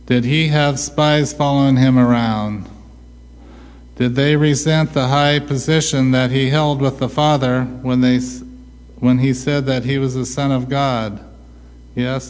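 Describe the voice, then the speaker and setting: Slow-speaking preacher in a reverberant hall. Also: male voice, medium pitch, darkish tone, clean tone. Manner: rhetorical questions answered himself; slow, deliberate delivery. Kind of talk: sermon.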